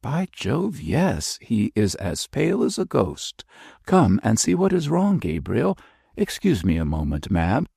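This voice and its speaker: A man voicing a playful young army captain who banters and teases, his voice pitched a little above his own and a bit husky. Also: wildly swooping pitch, a little slow, darkish tone, dry recording, studio quality, heavily acted. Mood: jaunty. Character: jaunty teasing young army captain, gentleman.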